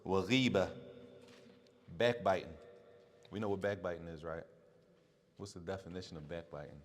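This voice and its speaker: A man's voice: deep voice, fairly even intonation, moderate pace. A man teaching a casual religious class, repeating his points for emphasis and quizzing the people listening. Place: mosque or community center hall. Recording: long hall reverb.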